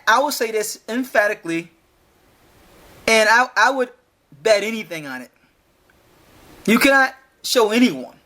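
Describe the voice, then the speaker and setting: This solo podcast host has a high, somewhat bright voice. His monologue is argumentative and insistent, full of repetition and challenging rhetorical questions, and he trips over words he keeps repeating.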